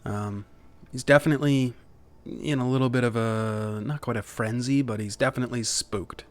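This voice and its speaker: A man's voice: medium pitch, fairly even intonation, normal speed. A man narrating as game master in a casual, rambling way, with many fillers.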